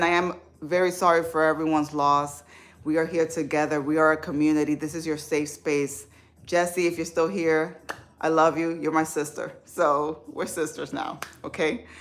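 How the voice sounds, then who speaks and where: Woman, live stream host, chatty and heartfelt, slightly low voice, talks informally to viewers. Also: a little hiss or hum. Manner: warm, emotional, chatty, informal speech. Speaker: livestream host. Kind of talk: casual live chat with viewers.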